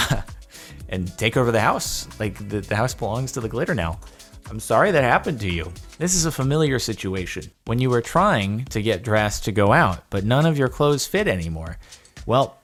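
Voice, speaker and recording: A young man hosting a reaction video, rambling and joking in casual commentary. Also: medium pitch. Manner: animated, rambling, jokey.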